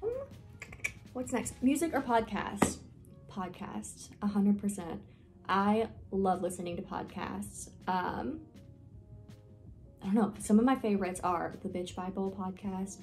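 Gravelly-voiced young woman rambling in a vlog. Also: mid-range voice, measured pace, a little mellow, faint music behind. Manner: rambling, filler-heavy, self-deprecating. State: nervous, with hiccups. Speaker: vlogger. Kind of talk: casual get-to-know-me vlog.

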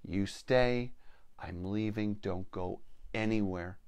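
A man voicing a stern protective father in a spoken story, giving quiet, firm warnings. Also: lowish voice, slow, clean tone, no echo.

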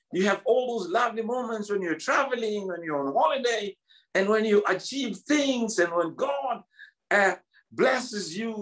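A man's voice: high voice, a bit bright. A South African man in his fifties, a pastor preaching a sermon in church, emphatic and repetitive, restarting his words often.

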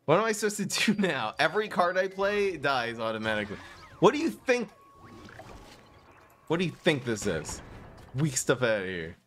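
Excitable male game streamer, lively pitch. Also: brisk, faint music behind. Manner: excitable, laughs often, talks to chat. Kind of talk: live-stream gameplay commentary.

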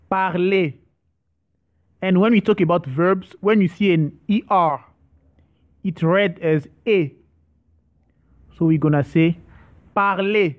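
A man giving an online French lesson, speaking slowly and repeating each word, with some hesitant restarts. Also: fairly high pitch, phone-quality sound. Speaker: French teacher.

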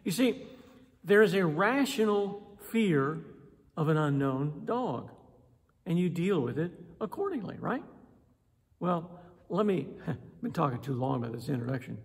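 A man preaching a sermon in an animated way, acting out voices and pausing for emphasis. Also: on the high side, vocal fry, breathy edge. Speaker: pastor. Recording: long hall reverb.

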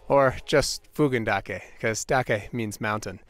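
A man's voice: fairly low pitch, unhurried, faint music behind. A man narrating a hiking vlog outdoors on a forest mountain trail, upbeat and descriptive, pointing out the sights as he walks. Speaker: travel vlogger.

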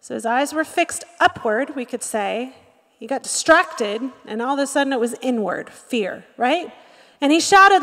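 Woman pastor, high voice, animated sermon with acted quotes, long hall reverb. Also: normal speed. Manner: lively preaching with acted-out quotes and frequent "Amen?". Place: church sanctuary.

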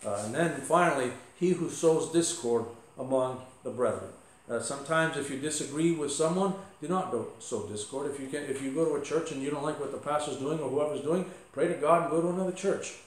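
A man's voice: fairly high pitch, a little fast. Man preaching in an echoey church. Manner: conversational preaching with asides and humor. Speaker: pastor. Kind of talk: sermon. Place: church sanctuary.

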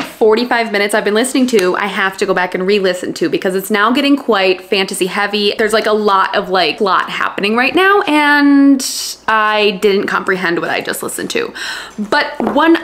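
A woman's voice: medium pitch, moderate pace, a bit bright. A woman chatting casually in a book vlog, gushing and full of fillers. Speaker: book vlogger. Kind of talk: casual reading vlog chat.

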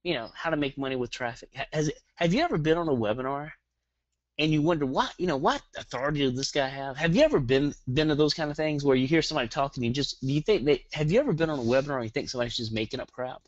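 An energetic, hyperactive man with a Southern accent races through a live online marketing webinar, peppering his audience with rhetorical questions. His voice is a little high, and the audio has no echo but loses its high frequencies.

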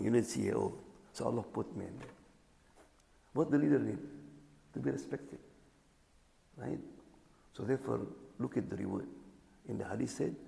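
A man preaching as an imam, animated, acting out little dialogues and checking in with his listeners. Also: fairly low pitch, vocal fry. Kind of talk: sermon. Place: community hall or mosque. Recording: echoey hall.

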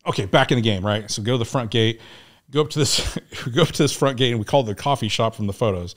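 Speaking quickly in a mid-range voice, this middle-aged U.S. Navy SEAL veteran is a guest telling war stories in a loose, foul-mouthed way. It's casual storytelling, animated and full of frequent laughs.

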